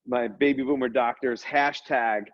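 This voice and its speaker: An energetic dental practice business coach hosts a casual podcast, talking fast, joking, and wandering off on tangents. His middle-pitched voice comes through a dry, close mic, with a slightly dull sound like compressed podcast audio.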